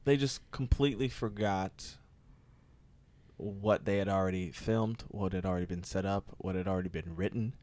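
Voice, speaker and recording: A man's voice: normal speed, darkish tone. A man chatting casually, rambling with many filler words and getting exasperated about a TV show. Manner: rambling, lots of "like" fillers, jumps high when exasperated. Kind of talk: casual podcast chat.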